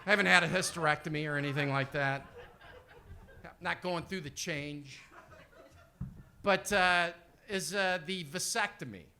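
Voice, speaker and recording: A man's voice: on the high side, unhurried, long pauses, sharp tone, a little hiss or hum. A man in his fifties doing rambling, profane, self-deprecating stand-up storytelling. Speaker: comedian.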